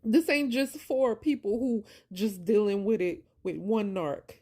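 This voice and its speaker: Medium in pitch and darkish in tone, her voice moves at a measured pace through a heartfelt faith-based monologue. The vlogger speaks passionately about surviving abuse, preaching, repeating for emphasis, and calling her audience "y'all." She sounds worn down and close to tears.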